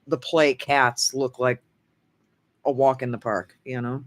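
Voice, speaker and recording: A man's voice: mid-range voice, level tone, a little slow, very noisy. An older man hosting a casual livestream chat, rambling through stories about his family. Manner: rambling, storytelling. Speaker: host of a livestream chat show.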